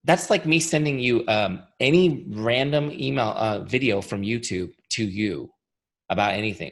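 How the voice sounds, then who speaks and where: A man with a tired, fading voice gives an energetic webinar training, chatty and full of rhetorical questions. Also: medium pitch, moderate pace, gravelly. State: losing his voice. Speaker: software founder giving a training webinar.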